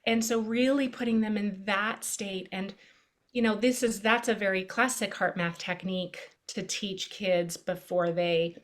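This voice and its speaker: A middle-aged woman, a pediatric neurologist, explaining a calming technique in a gentle, storytelling way during an interview. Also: mid-range voice, unhurried. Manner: gentle, storytelling, drops to a soft hush. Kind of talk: conversational interview.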